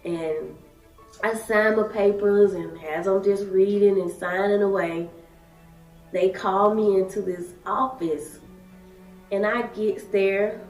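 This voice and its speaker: Slow, emotional woman. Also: mid-range voice, steady tone. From Alabama, USA. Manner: emotional, halting, short phrases. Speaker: daycare worker sharing her story. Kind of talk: personal testimony. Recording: echoey room, distant mic, soft music.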